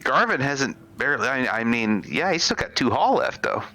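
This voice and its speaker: A man's voice: mid-range voice, big pitch swings, moderate pace, sharp tone, low-quality recording. A man co-hosting a live game stream, trading easygoing, self-deprecating banter. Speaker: stream co-host and commentator. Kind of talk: casual live-stream commentary.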